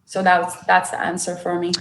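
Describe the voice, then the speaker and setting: A woman's voice: on the low side, normal speed, roomy sound. A young adult woman, a podcast guest, telling her personal story with emotion and acting out what others said. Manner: emotional, animated storyteller who acts out quotes.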